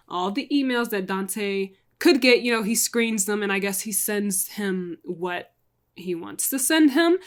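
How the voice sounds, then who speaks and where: A woman's voice: mid-range voice, fairly bright tone. A chatty woman casually retelling a crime story, full of "like" and asides to viewers. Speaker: storytelling vlogger.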